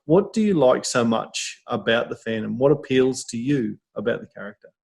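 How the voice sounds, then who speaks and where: Male podcast host, casual chat, teasing and lively, laughs easily. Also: medium pitch, normal speed, vocal fry, breathy edge.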